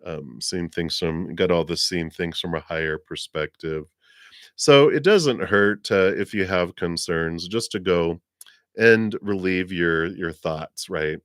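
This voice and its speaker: Low-voiced man giving a relaxed live reading. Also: takes it slowly, no echo, studio quality. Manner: gentle, rambling, laughs often, many fillers. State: voice lower than usual from the weather. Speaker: psychic reader on a livestream.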